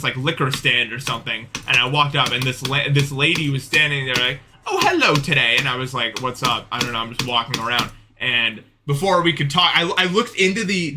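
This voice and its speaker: A man's voice: medium pitch, noisy background. A young man streaming, telling a long dream in casual chat, rambling with many fillers and restarts. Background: background music.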